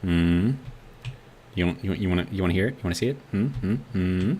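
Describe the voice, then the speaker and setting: A man with a somewhat low voice streams a game, talking his moves through out loud. He rambles loosely and stops now and then to read chat messages to his viewers. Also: a little fast, a little hiss or hum. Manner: rambling, thinks aloud, reads chat messages. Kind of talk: live gameplay commentary.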